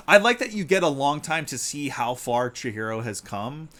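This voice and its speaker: A man co-hosting a livestreamed podcast in a casual chat, lively, acting out quoted lines in a raised voice. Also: a little fast. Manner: animated, acts out quotes in a higher voice. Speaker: podcast co-host. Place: live-streamed podcast.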